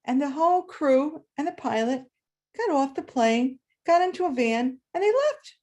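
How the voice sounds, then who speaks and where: A woman who was a third grade teacher, telling a personal story live to an audience with dramatic pitch leaps. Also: big pitch swings, moderate pace, darkish tone. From New York area. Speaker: storyteller, retired-style schoolteacher.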